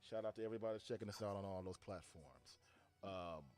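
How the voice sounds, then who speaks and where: A man hosting an online radio talk show, relaxed and chatty, often repeating words as he thinks. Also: fairly low pitch, quick pace, soft background music. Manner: laid-back, repeats words while thinking. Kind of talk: casual talk show chat.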